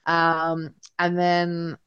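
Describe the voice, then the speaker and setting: A woman's voice: on the low side, completely flat delivery, very slow, fairly bright tone, clean tone, highs cut off. A woman guest talking frankly and casually in an interview, blunt and occasionally swearing. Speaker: podcast guest. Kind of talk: candid casual conversation.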